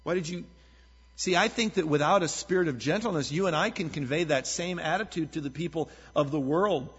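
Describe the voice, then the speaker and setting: A man's voice: on the high side, brisk, fairly bright tone, breathy edge. A man preaching a sermon as a pastor, talking in a conversational, earnest way and telling stories with energy. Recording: dull lo-fi sound with long hall reverb.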